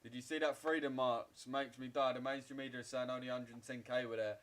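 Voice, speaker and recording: A man's voice: medium pitch, fairly even intonation, fast talker, a bit bright. A man, chatting loosely and profanely with viewers during a livestream trading session. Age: 20s. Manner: loose, profane banter, answering viewers' chat. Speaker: trading streamer. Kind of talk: casual livestream chat while trading.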